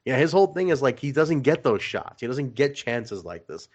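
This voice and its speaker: A man in his usual speaking range co-hosts a casual podcast and tells stories with animated energy, laughing through them. The recording sounds a little dull and lo-fi. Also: mid-range voice, moderate pace, husky. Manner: animated storyteller, laughs while retelling. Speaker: podcast co-host.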